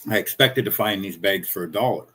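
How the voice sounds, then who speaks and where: A man's voice: low-pitched, brisk, a bit bright, slightly rough. A man in his fifties, a small-business chocolatier, ranting casually in a profane, rambling, indignant way. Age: 50s.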